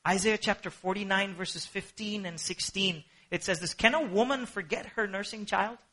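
Husky high-voiced guy preaching, goes soft then loud. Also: moderate pace. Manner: animated preaching, swinging between hushed and emphatic. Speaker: pastor. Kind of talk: sermon.

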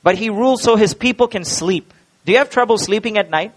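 A man's voice: high-pitched, a little fast, rough recording. A male preacher, delivering a sermon emphatically, with rhetorical questions and repeated words.

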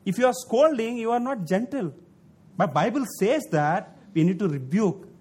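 A man with a notably high voice preaches a sermon. His English has non-native phrasing, and he repeats key words and phrases for emphasis, pushing his voice up on the points that matter. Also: lively intonation, normal speed, darkish tone, husky. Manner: emphatic repetition, rising to stress points.

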